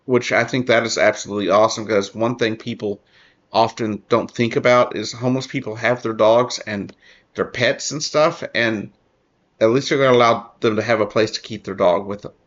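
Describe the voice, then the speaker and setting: A man's voice: lowish voice, fairly even intonation. Guy reading an article and chiming in, earnest, stops and restarts a lot, kinda muffled lo-fi sound. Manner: earnest, halting, many restarts and fillers. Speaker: political commentary host. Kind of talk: casual commentary reading an article.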